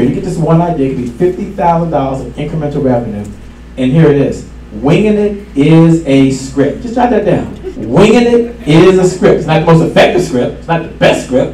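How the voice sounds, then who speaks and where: A man giving a live sales seminar to an audience, energetic and repeating his key lines for emphasis. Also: a little high. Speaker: sales trainer. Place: event room with an audience. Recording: echoey room from far off, faint hiss.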